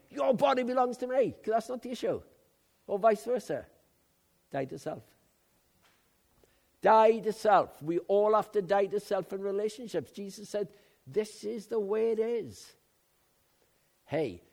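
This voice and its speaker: An older man from Wales preaching a sermon, swinging between loud emphatic outbursts and quiet asides. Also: on the high side. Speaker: pastor.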